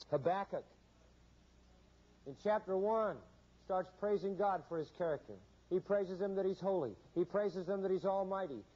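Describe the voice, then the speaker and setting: A man's voice: on the high side, mellow. A man preaching a sermon, emphatic and repetitive, with a rhythmic pulpit cadence. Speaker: pastor. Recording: dull lo-fi sermon recording.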